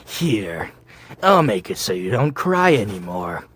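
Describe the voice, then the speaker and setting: A man voicing a menacing young male villain from a fan fiction story, slow, low and breathy. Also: very animated, a bit bright, dry recording, heavily acted.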